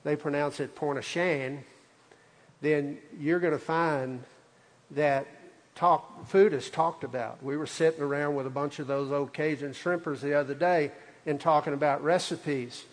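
A man's voice: a little high, steady tone, a little slow. A man, preaching a sermon as a pastor in a folksy, conversational storytelling way. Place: church sanctuary. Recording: reverberant church hall.

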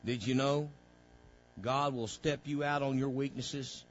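A man preaching a sermon as pastor, calling out to the congregation and swelling into fervent, loud passages. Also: mid-range voice, steady tone, a little slow, lo-fi sound, soft background music. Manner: preaching with call-outs to the congregation, rising to loud fervor.

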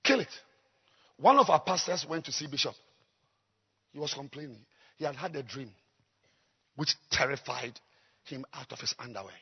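A man preaching a sermon as a pastor, dropping to low murmurs and rising to high shouts. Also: animated, normal speed, pauses often, husky, muffled recording. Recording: long hall reverb.

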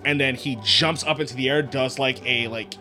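A man's voice: mid-range voice, steady tone, moderate pace. A man narrating a tabletop game as game master, describing scenes in rambling sentences full of "like" and "uh".

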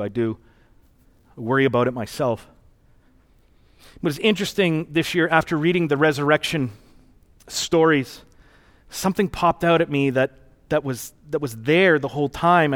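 A man preaching a sermon as pastor, in an earnest, conversational and reflective storytelling manner. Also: a little high.

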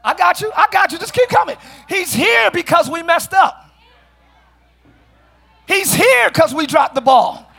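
A middle-aged male pastor preaching a sermon in a church, often shouting, with playful asides to the congregation. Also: very high voice, lively intonation, unhurried, gravelly, pauses often, a faint crowd. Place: church sanctuary.

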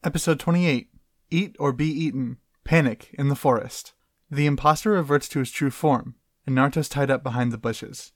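A man with a dry, wry manner chats on a podcast and reads episode summaries in an even tone. The recording is close and dead, with no room sound. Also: mid-range voice, normal speed, no echo. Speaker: podcast co-host. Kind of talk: casual chat and read summary.

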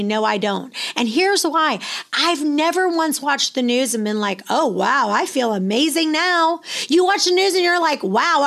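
Gravelly energetic motivational woman speaker. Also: sits high. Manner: energetic, storytelling with acted quotes. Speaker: real estate business owner. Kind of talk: motivational talk.

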